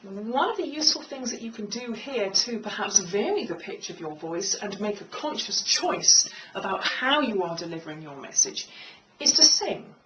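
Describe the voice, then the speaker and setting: Woman speaking coach, clear and measured, a bit off-mic, faint background hiss. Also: very animated, fairly bright tone, far from the mic, low-quality recording. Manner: clear, measured, demonstrates pitch by singing. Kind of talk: instructional talk to camera. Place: room with a piano.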